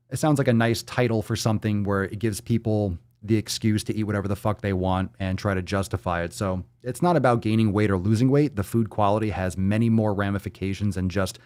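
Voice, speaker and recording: A man's voice: on the low side, darkish tone, dry recording. A man hosting a live fitness show, reading out viewer comments and answering questions in a brash, profane, hype-man way. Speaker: fitness podcast host.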